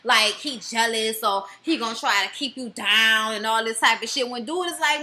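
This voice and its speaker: Sassy high-voiced woman reviewer. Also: moderate pace, few pauses, pushed and bright. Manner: blunt, profane, sassy. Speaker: reality TV reviewer. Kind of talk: casual review commentary.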